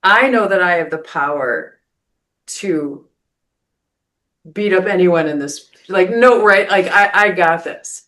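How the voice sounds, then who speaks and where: A woman's voice: lowish voice, takes it slowly, a bit bright. Woman voicing a cocksure young fighter. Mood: resolute. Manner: self-assured, revving himself up. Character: young male martial artist, eager and cocky.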